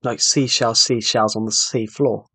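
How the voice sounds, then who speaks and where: A man's voice: medium pitch, steady tone, a little slow, pushed and bright, husky, dry recording. Young male streamer, mid-range voice, self-deprecating and stumbly, dry close mic. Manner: rambling, self-deprecating, stumbles over words. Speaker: livestreamer. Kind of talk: casual live-stream chat while playing.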